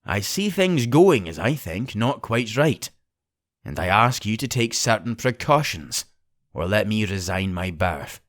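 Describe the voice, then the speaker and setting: Man doing a stern, clipped sea captain for a storybook reading, lowish voice, dry close sound. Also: very animated, no room sound. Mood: firm. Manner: clipped, deliberate, firm. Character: stern blunt middle-aged male sea captain.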